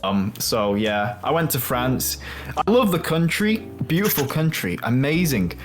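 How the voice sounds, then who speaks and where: A man's voice: medium pitch, very animated, measured pace. A man from Wales with a Welsh accent, a podcast co-host making blunt, provocative remarks in casual chat.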